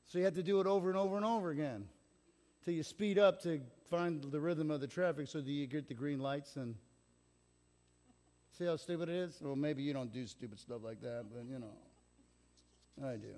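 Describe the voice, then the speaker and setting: A man's voice: a little high, a little fast, pauses often, warm tone. Middle-aged guy preaching, chatty storyteller, long church echo. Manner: conversational storytelling, acts out quotes. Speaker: pastor. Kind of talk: sermon. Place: church sanctuary.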